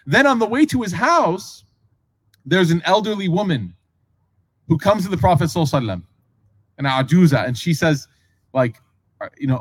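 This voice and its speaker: A man's voice: a little high, sing-song, fairly quick, pauses often, husky, dry recording. A man preaching in a casual storytelling way, acting out dialogue and asking his listeners questions. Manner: casual, acts out dialogue, asks the audience questions. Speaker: Islamic preacher. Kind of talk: conversational storytelling sermon.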